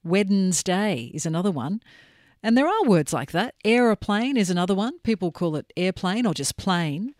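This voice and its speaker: A woman with an Australian accent hosting a talkback radio show in a studio, chatty and upbeat with quick interjections. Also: lowish voice, sing-song, a little mellow, dry recording. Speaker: radio host. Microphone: studio microphone.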